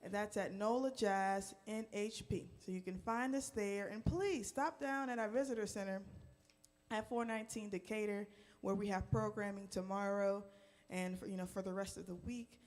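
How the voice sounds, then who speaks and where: A woman's voice: medium pitch, normal speed, a little mellow. A woman park ranger and band singer leading an audience in a call-and-response singalong, with encouraging, playful, half-sung calls, on a stage mic. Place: live jazz performance indoors. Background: live jazz band.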